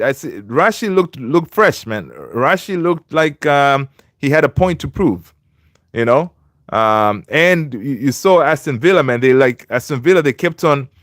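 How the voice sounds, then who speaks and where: A man hosting a casual livestream, talking close to the mic in a dry, dead room. His voice sits at an ordinary middle pitch, and he chats loosely with lots of fillers while greeting viewers and reading out their comments. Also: dry recording. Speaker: livestream host of a football fan channel.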